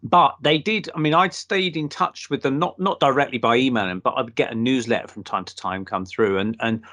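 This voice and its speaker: A man's voice: mid-range voice, brisk, sharp tone. Man, host, casual chat, rambling, hesitant, video call. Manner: rambling, hesitant, many fillers. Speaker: podcast host.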